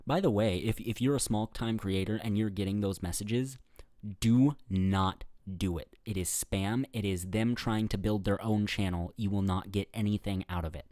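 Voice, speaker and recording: Rambling young man, low voice. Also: normal speed, darkish tone, dry recording, clean studio sound. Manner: rambling, self-admitted, with fillers and restarts; laughs at his own remarks. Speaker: YouTuber answering viewer questions. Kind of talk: casual Q&A vlog. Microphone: webcam setup facing the camera.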